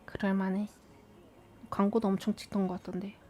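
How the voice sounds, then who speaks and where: A woman's voice: medium pitch, a little hiss or hum. A woman hosting a live-stream watch party, chatting casually and answering viewer questions aloud. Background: faint background music.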